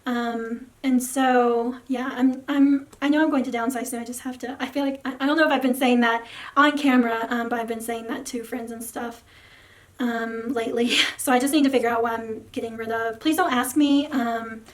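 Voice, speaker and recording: A young woman with a high voice talks casually to her viewers, her throat sore and worn. She rambles through her thoughts with plenty of fillers and lets her sentences fade off softly. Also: steady tone, moderate pace. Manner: rambling, many fillers and soft trailing words. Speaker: photocard collecting vlogger. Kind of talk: casual rambling vlog talk.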